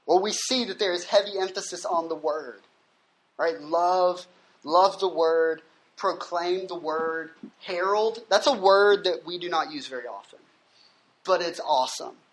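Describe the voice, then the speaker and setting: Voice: medium pitch, unhurried. A pastor preaching a sermon at a gathering on a university campus, reading scripture aloud and explaining it, with frequent "right?" checks.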